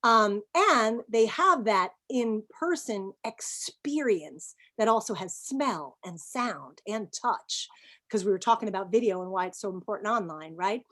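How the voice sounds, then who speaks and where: A middle-aged woman talking emphatically as a business guest in a webinar interview, animated and quick to laugh. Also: mid-range voice.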